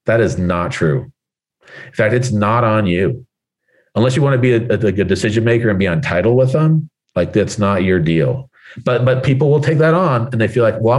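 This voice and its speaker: Man, low-pitched, casual rambling talk, lots of fillers, video call guest. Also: a little mellow. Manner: rambling, many "like" fillers and restarts; acts out panicked voices in a high squeal. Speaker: guest speaker, real estate agent coach.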